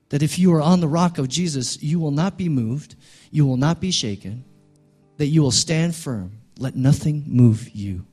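A male pastor preaching a sermon, building to loud, emphatic peaks and dropping quiet again. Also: fairly high pitch, moderate pace, breathy edge, soft background music.

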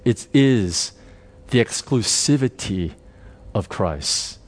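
A man preaching a sermon as pastor, swinging between hushed, slow passages and loud, emphatic bursts. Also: mid-range voice, animated.

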